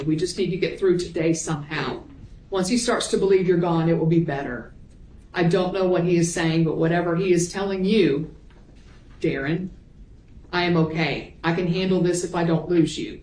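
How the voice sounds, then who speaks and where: Woman prosecutor, low voice, reading evidence aloud, roomy echoey courtroom, faint hum. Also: steady tone, moderate pace, a little mellow.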